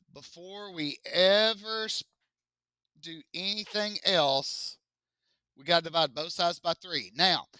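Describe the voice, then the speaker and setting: A man's voice: high voice, pushed and bright, smooth, dry recording, studio quality. A man teaching a math class, joking with his students as he works through test problems. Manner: casual, joking, talks to students as y'all.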